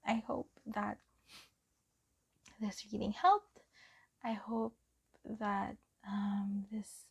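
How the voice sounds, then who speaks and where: Young woman from the Philippines, soft tarot reader, slow and mellow. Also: medium pitch, fairly even intonation, gravelly, husky. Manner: gentle, soft-spoken, often drops to a whisper. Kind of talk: pick-a-card tarot reading.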